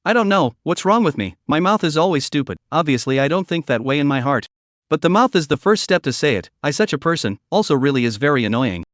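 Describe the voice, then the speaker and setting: A man's voice: on the high side, sing-song, fast talker, no echo, studio quality. A man voicing a timid, tearful young woman who keeps pleading and apologizing.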